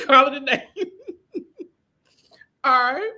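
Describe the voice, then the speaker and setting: Woman podcast host, playful and slangy, high bright voice. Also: lively intonation, drawn-out words. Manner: playful, slangy, cackling laughs. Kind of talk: casual comedy podcast chat.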